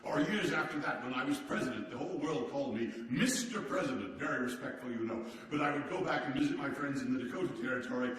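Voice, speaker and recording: A man playing a hearty, boastful statesman from the turn of the century, telling stories to a seated audience in a theatrical, animated way with chuckles. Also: medium pitch, fast talker, hardly any pauses, close to an everyday voice. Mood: genial. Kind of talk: live historical character monologue. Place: large hall with a seated audience. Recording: echoey hall, distant mic.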